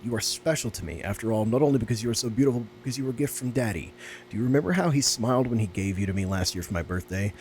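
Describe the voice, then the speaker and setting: A man reading aloud a sad young girl's letter in a soft, low, subdued voice. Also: slight background noise.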